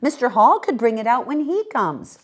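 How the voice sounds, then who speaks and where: Reader voicing fretful older woman, plaintive, high, strained. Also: sing-song, normal speed. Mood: anxious, pleading. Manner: plaintive, pleading, rising to a near shout. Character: fretful older city woman, summer resident.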